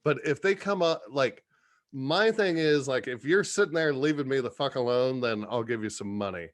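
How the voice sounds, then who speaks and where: A man guesting on a podcast, telling stories in a profane, animated, casual way. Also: medium pitch, normal speed, dry recording. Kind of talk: casual storytelling chat.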